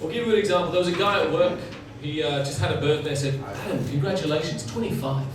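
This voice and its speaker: A man doing a stand-up comedy set with a deadpan delivery, bantering with people in the front row. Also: fairly high pitch, fast talker. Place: comedy bar venue, indoors. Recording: echoey, distant, noisy room recording.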